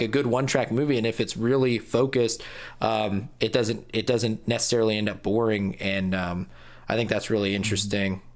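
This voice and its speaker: A man co-hosting a film podcast, speaking in a rambling, thoughtful way with many fillers. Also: medium pitch. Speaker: podcast co-host. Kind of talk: casual film review chat.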